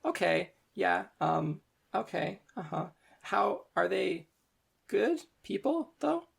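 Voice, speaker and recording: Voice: medium pitch, a bit bright, pitched above the performer's own voice. A game master voicing a flustered young female student who stutters and hunts for words. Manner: stuttering, halting, searching for words.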